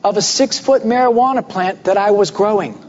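High-pitched guy preaching, tells a story and does the voices, muffled recording w/ long hall echo. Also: fairly quick. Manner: animated storytelling, acts out voices. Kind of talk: sermon with personal story.

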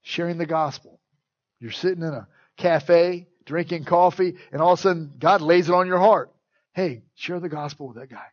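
A middle-aged male pastor preaching a sermon, animated and playful, acting out quoted voices and joking with his congregation. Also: on the high side, normal speed, no room sound, highs cut off.

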